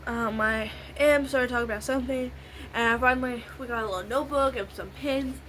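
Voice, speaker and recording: A woman's voice: on the high side, a little fast, a bit bright, slight background noise, low-quality recording. A young woman vlogger telling a long story in a rambling, casual way while doing her makeup, repeating the same little phrases. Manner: rambling, repeats "literally" and "I was like".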